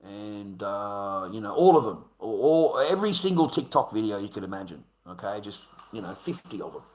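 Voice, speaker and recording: A man's voice: lowish voice, very animated, normal speed, darkish tone. A middle-aged Australian man, a live streamer, angrily ranting in a combative, profane, repetitive way. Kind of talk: angry ranting monologue. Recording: echoey room.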